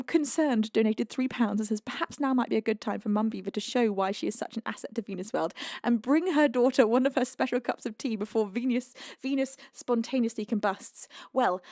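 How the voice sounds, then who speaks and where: A woman's voice: on the high side, brisk, hardly any pauses, a little mellow, no echo, clean studio sound. A young British woman hosting a music livestream, reading out donations in a casual, emotional way while laughing and crying. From United Kingdom. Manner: emotional, breathless, laughing through tears. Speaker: livestream singer and host.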